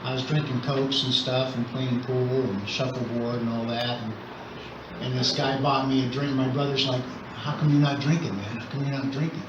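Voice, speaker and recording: A man's voice: mid-range voice, fairly even intonation, moderate pace. An older man sharing his recovery story at a meeting, talking in a conversational way with wry humor. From Southern California. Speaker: AA meeting speaker. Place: meeting hall. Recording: roomy, distant, muffled with noise.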